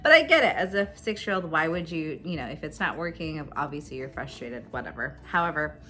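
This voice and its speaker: A woman's voice: low voice, fairly quick, fairly bright tone. A woman in her thirties chatting casually to camera as a homeschooling mom, laughing often between her fillers. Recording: faint music behind. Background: faint background music.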